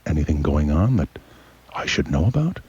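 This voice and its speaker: A man voicing a condescending male radio psychologist who probes slowly and deliberately. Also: rumbling low, big pitch swings, a little mellow, breathy edge, highs cut off, soft background music, voice pushed down, exaggerated voice. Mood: probing. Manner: slow, probing, condescending. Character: smug slow-talking male radio psychologist. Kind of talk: comic impression.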